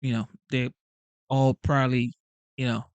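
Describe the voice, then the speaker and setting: Animated man commenting on a live stream. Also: medium pitch, a little slow, dry recording. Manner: animated, repetitive, asks rhetorical questions. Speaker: channel host.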